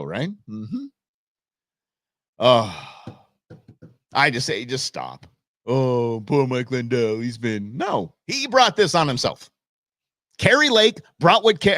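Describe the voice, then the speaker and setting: A man's voice: fairly high pitch, a bit bright, dry recording, clean studio sound. A middle-aged man hosting a live talk show, ranting bluntly and with exasperation. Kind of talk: opinionated live show rant.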